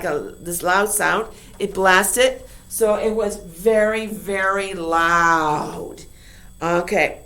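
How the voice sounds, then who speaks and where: A woman's voice: mid-range voice, a bit bright. A woman teacher explaining a poem to her class in a chatty way, often checking in with her listeners.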